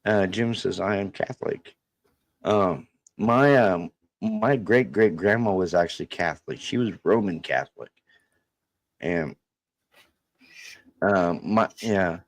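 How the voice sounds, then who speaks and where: Gravelly halting middle-aged man. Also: low voice. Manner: halting, many restarts and fillers, acts out quoted voices. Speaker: livestream co-host telling a family story. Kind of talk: rambling casual storytelling.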